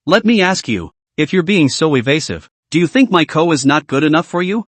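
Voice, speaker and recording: A man's voice: a little high, expressive, brisk, no echo. A man voicing a blunt old grandfather.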